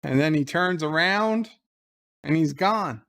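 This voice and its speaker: A man's voice: fairly high pitch, slow pace, gravelly. A man hosting a live episode commentary, casually retelling the scenes and quoting the characters' lines in his own voice. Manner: excited play-by-play of the scene.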